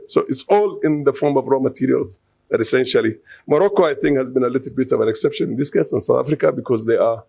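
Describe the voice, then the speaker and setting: A man's voice: medium pitch, gravelly, darkish tone, breathy edge, no echo. A man giving unscripted political commentary, explaining and listing examples, with frequent fillers and restarts. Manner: hesitant, many fillers and restarts; explanatory, lists figures and examples.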